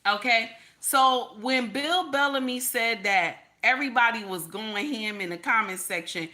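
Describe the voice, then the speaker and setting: A woman chats on a livestream, emphatic and sassy, circling back to repeat her points. Her voice sits on the higher side and comes across bright and forceful. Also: a little slow. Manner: emphatic, repetitive, sassy, reads viewer comments. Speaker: commentary streamer. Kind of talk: livestream commentary chat.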